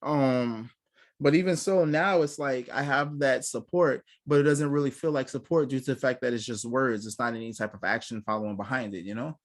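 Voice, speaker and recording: A young podcast co-host on a casual talk show tells blunt, profane stories, acting out what others said. His mid-range voice moves a little fast in this casual chat.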